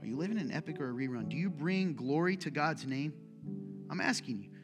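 A man's voice: fairly high pitch, expressive, a little fast, over music. A man preaching a sermon to a congregation, talking casually, cracking jokes and firing pointed questions at the room. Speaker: pastor. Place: large church hall.

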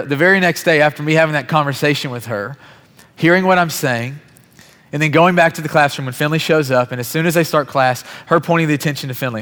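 A pastor in his thirties delivers a sermon in an earnest, conversational, storytelling style. His voice is mid-range and fairly bright, and he talks fast, with a long hall reverb on the recording.

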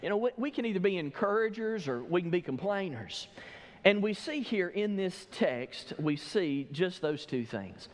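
A man's voice: high-pitched, very animated, moderate pace, long reverb tail. A male pastor preaching a sermon, walking through a Bible passage verse by verse and telling listeners what to underline. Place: church sanctuary.

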